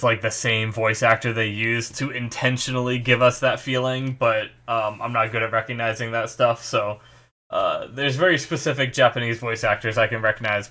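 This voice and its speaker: A man's voice: medium pitch, little pitch movement, normal speed, sharp tone. Rambling young man musing casually. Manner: rambling, many fillers and restarts, speculative. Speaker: anime reaction host. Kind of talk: casual solo commentary.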